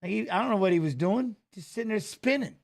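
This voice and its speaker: A middle-aged man in casual chat, telling a story with swearing and loud, exclaimed quotes. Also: sits high, animated, quick pace, gravelly, a little hiss or hum. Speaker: fight analyst streaming a watch-along.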